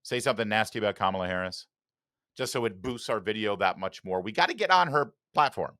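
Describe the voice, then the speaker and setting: A man's voice: on the low side, lively intonation, fast, bright, forceful tone, dry recording, studio quality. A man hosting a political commentary show, talking with sarcastic, mocking asides. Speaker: talk show host.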